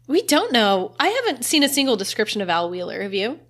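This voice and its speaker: A woman's voice: a little high, big pitch swings, brisk, fairly bright tone. A young woman hosts a casual book recap podcast. She talks in a chatty, easygoing way and laughs often. She slips into the characters' lines as she retells the story. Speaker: podcast host.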